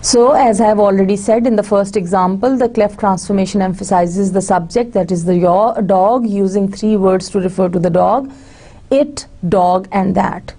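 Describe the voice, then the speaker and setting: A woman delivers a recorded university lecture. Her voice is mellow and dark in tone. She walks through each example patiently, pausing on fillers and restarting phrases as she goes. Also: mid-range voice. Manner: explains step by step with frequent fillers and restarts, slips into Hindi-Urdu asides.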